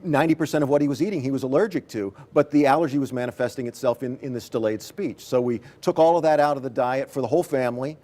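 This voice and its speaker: A middle-aged man talking as an author guest in a TV interview, halting with many fillers and restarts. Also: medium pitch, warm tone. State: choking up with emotion.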